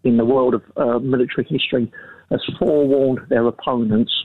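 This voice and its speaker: A man calling in to a radio show, speaking hesitantly with many pauses and restarts. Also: medium pitch, steady tone, husky, no echo. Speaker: caller. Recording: tinny phone line.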